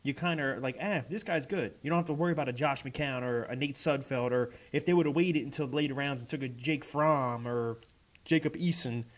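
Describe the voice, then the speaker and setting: A young man ranting casually in a video reaction, exasperated and swearing, growing louder as he goes. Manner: exasperated, swears, gets louder and higher as he rants. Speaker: vlogger.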